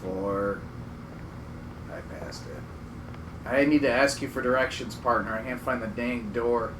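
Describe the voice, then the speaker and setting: A man's voice: medium pitch, unhurried, background noise. A man streaming a video game with a friend, joking and going on mock rants. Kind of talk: casual gaming commentary.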